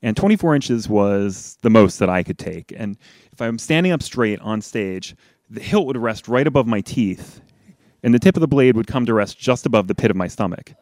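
A young adult man telling a personal story on stage, animated and self-deprecating, sometimes laughing as he talks. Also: lowish voice, moderate pace, no echo. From lived in Washington, D.C.

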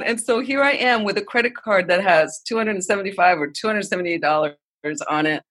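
A woman with a bright, forward voice that carries a husky edge, recounting a personal story as a podcast guest. Her telling is animated and emotional, and she scatters "like" and "you know" through her sentences. The pitch sits in the middle range for a woman. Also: fairly quick.

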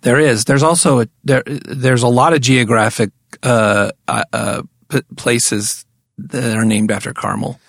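A man's voice: medium pitch, steady tone, unhurried, creaky, fairly bright tone, dry recording, studio quality. A man co-hosting a podcast in casual comedic chat, rambling and jokey, often restarting his sentences. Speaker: podcast co-host.

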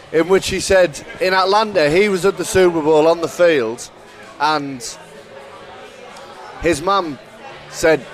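A man telling football stories in casual chat with friends in a pub. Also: fairly high pitch. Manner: chatty storyteller. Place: busy pub. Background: pub crowd chatter.

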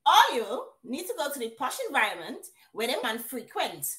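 A woman's voice: high-pitched, very animated, normal speed, pushed and bright, far from the mic, pitched above the performer's own voice, heavily acted. A woman reading a comment aloud as a bossy Grenadian auntie giving dating advice, with a Grenadian accent, heard from off mic in a roomy space.

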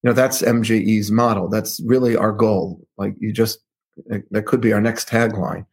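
A man, a rabbi hosting a podcast, asking casual, halting questions with many fillers. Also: on the low side, steady tone, creaky, darkish tone, slightly rough. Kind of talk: podcast interview.

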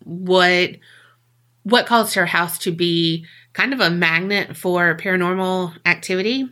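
A woman co-host narrating a strange tale in loose, conversational podcast style. Her voice is bright and forceful, and she swears casually as she goes. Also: lowish voice, measured pace. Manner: chatty, swears freely. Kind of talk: casual storytelling.

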